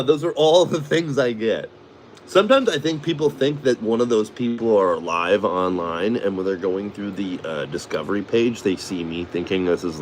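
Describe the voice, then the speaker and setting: Laid-back low-voiced man from Chicago. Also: slight background noise. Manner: profane, laughs often, does voices. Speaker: vlogger. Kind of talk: casual rambling chat.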